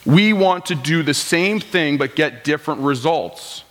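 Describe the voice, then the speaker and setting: A male pastor in his thirties delivers a casual, story-driven sermon, tossing out rhetorical questions and quoting his listeners in playful voices. His voice sits slightly high for a man. The church hall adds a long, ringing reverb. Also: animated, a little slow, fairly bright tone. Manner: conversational preaching, rhetorical questions, quotes people in voices. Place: church sanctuary.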